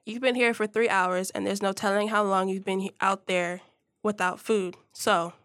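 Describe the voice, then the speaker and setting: A woman reads out a gruff but kind-hearted male police officer from a short story. The voice sits in a middle range, and the sound is dry and close, with no room around it. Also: mid-range voice, steady tone, moderate pace, fairly bright tone, no echo, close to an everyday voice. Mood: gentle gruff. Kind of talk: reading dialogue from her own short story.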